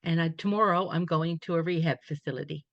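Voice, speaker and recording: A woman's voice: low voice, quick pace, no room sound. A woman speaker on a webinar, telling a personal faith story in a reflective, storytelling way. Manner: reflective storytelling, quoting others in dialogue. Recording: dull dry webinar audio.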